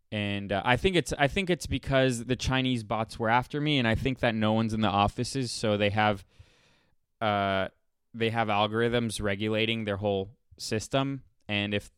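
A man's voice: lowish voice, a bit bright, smooth, dry recording, studio quality. A man hosting a casual solo podcast, talking bluntly and rambling with frequent restarts. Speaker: podcast host.

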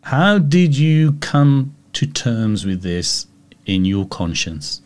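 A man's voice: medium pitch, sing-song, slow pace. A man hosting an interview and asking thoughtful, reflective questions. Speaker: host.

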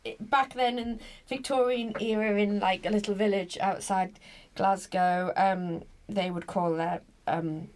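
A woman's voice: medium pitch, steady tone, unhurried, darkish tone. A woman from northern England in casual chat, telling a family story in a chatty, giggly way. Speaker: guest sharing a family postcard.

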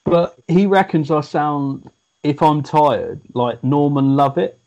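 A man's voice: fairly high pitch, steady tone, slow, a little mellow, highs cut off. A man, co-hosting a podcast and rambling through stories in casual chat. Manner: rambling storytelling with restarts. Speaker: podcast co-host.

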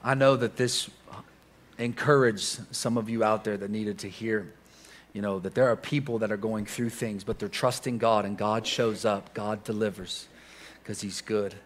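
A man's voice: on the low side, steady tone, normal speed. Encouraging male pastor closing a service. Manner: affirming, encouraging.

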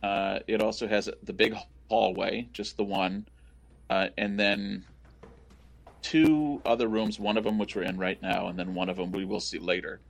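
Gravelly, low-voiced man sharing film trivia. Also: normal speed. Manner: relaxed, explains behind-the-scenes details. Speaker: guest filmmaker. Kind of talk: casual film commentary.

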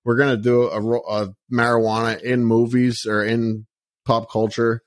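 A man's voice: mid-range voice, little pitch movement, normal speed, dry recording. A man co-hosting a podcast in casual chat, rambling with plenty of fillers and swearing. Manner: rambling, profane, lots of "like". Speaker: podcast co-host.

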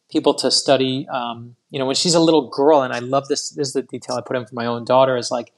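A middle-aged man, a guest author, telling rambling, animated anecdotes in a casual interview. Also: medium pitch.

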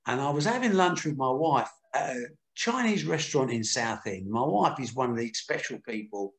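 An older boxing promoter, interviewed as a guest, tells candid, earthy anecdotes and acts out the quotes. His mid-range voice is a bit bright with lively intonation at normal speed, and the sound is roomy.

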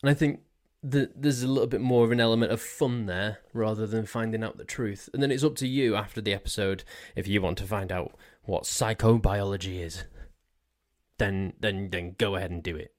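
A man's voice: on the low side, brisk. A man hosting a solo podcast, rambling and jokey, often tripping over his words as he talks into a desk mic. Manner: jokey, self-mocking. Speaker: podcast host. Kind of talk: casual solo podcast monologue. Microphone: desk mic on a stand.

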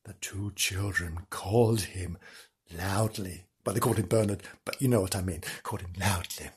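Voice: low-pitched, moderate pace, darkish tone, breathy edge. A podcast host reading a children's story aloud in a comic way, interrupting it with playful asides, giggles and mock apologies to the children listening.

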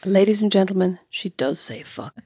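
A woman's voice: medium pitch, animated, normal speed, dark tone, breathy edge, dry recording, studio quality. A woman co-hosting a podcast in casual chat, teasing and wry with her friend. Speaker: podcast co-host.

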